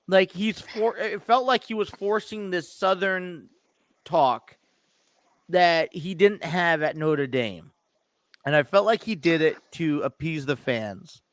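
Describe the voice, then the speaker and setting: A man co-hosting a sports talk show, his voice sitting a little higher than most men's. He rambles through his points with restarts and quick laughs. The sound is close and dry, with no room around it. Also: no echo. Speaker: sports podcast co-host. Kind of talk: casual sports chat.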